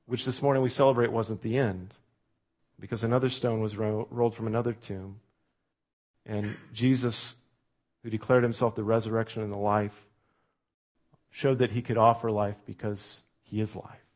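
A man preaching a sermon, talking through a scripture story in a conversational way and dropping to a hush when he quotes. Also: fairly low pitch, level tone, normal speed, pauses often. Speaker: pastor.

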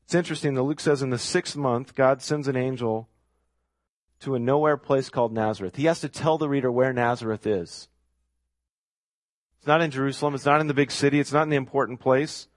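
A male pastor delivers a sermon with an emphatic, repetitive cadence. His voice sits at an ordinary pitch, recorded close and dry with no room sound. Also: brisk, no echo. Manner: emphatic, repeats key phrases for effect.

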